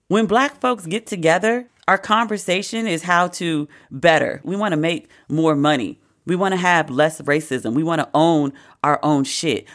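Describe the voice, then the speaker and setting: Host for comedic talk; blunt, swearing, sarcastic riffs in a mid-range voice. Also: mid-range voice. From United States. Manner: profane, sarcastic, with animated asides. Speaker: podcast host. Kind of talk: casual comedic commentary.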